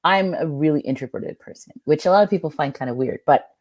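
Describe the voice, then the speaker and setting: A woman storyteller and author chatting casually over a video call, animated and laughing often. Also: low-pitched, quick pace.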